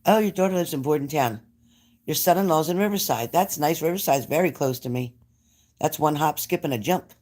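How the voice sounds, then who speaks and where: This New Jersey man is hosting a livestream, keeping things chatty as he reads viewer comments aloud and responds. He speaks a bit fast in a mellow voice that sits on the high side.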